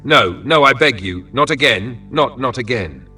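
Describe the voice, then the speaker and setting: A frightened peasant prisoner stammers and pleads, as a man reads him. The voice is bright and forceful, slightly off-mic, with faint music underneath. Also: lowish voice, normal speed, recorded from a distance. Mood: pleading.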